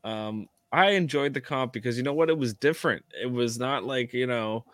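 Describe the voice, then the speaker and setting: A man co-hosting a casual reality-TV chat. He talks in an animated way and laughs often. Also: mid-range voice, moderate pace, no echo. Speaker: podcast co-host.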